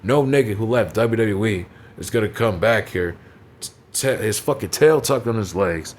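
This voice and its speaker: Young male reviewer, lowish voice, casual foul-mouthed rant, faint hiss behind. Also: normal speed. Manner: blunt, profane, dismissive, leans on "you know what I'm saying". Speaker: wrestling show reviewer. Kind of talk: casual profane recap commentary.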